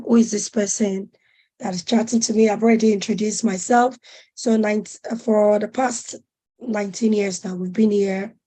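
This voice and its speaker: A woman's voice: mid-range voice, mellow. A woman in her forties presenting an online webinar over a video call, chatty and a little flustered and apologetic.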